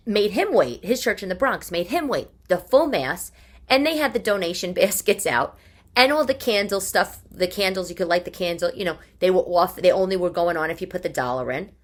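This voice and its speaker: A woman in her forties hosts a casual solo podcast from her living room, her strong New York accent coloring a chatty, fed-up, joke-filled delivery. Her voice is mid-range with a fairly bright tone.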